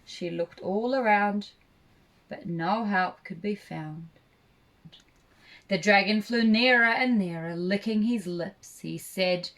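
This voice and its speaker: Slow expressive woman storyteller. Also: medium pitch. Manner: slow, expressive read-aloud. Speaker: puppeteer narrator. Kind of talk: rhyming storybook narration.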